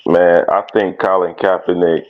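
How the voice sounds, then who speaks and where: A male caller with a lower voice tells a story in an animated, profane way. His call comes through dull and lo-fi, with the top end cut off. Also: normal speed. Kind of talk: casual storytelling chat.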